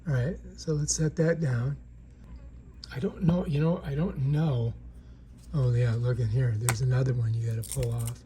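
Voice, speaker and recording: A man's voice: mid-range voice, fairly even intonation, moderate pace, mellow, a little hiss or hum. A man giving a casual, chatty product demonstration in an indoor room, often checking in with the viewer. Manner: chatty, keeps checking in with "right?". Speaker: product reviewer.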